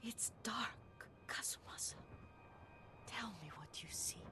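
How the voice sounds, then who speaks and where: An actress voicing a frail, dying elderly woman who remembers the past in a tender, breathy whisper. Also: a little high, lively intonation. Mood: tender, wistful. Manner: slow, wistful, tender remembering. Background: game music.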